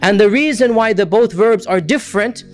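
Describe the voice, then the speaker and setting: A man's voice: sits high, normal speed, faint music behind. A man lecturing on Quran commentary, patiently explaining Arabic words and checking in with his listeners. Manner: shifts into chanted Arabic verse recitation. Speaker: Islamic lecturer.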